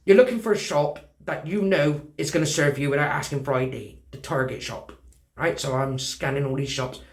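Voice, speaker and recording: A man's voice: a little high, moderate pace, roomy sound. A man with a British accent telling a personal story in casual talk, acting out the dialogue and swearing freely. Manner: animated, swearing, acts out dialogue.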